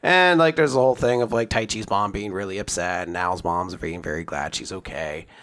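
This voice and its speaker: A man's voice: sits low, a little fast, a bit bright. A young man in casual chat, animatedly retelling a chapter and jumping into character voices as he goes. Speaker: podcast co-host recapping a manga chapter.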